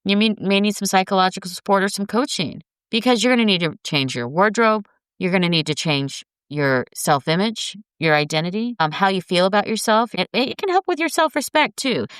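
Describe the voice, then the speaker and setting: A woman's voice: fairly low pitch, a bit bright, smooth, dry recording, studio quality. A middle-aged woman hosting a show, talking casually and earnestly to her viewers about health and weight loss in a coaching way. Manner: earnest, coaching, addresses listeners as guys. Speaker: podcast host.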